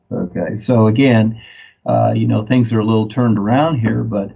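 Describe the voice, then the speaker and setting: A man with a gravelly, husky voice talks in a loose, rambling way. He chuckles easily as he wanders from one thought to the next in casual chat. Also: mid-range voice, moderate pace, mellow, rough recording.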